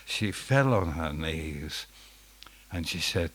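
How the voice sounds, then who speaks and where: A man preaching a sermon as dramatic storytelling, dropping to a hush and then rising to loud outbursts. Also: a bass voice, animated, slow pace, slightly rough.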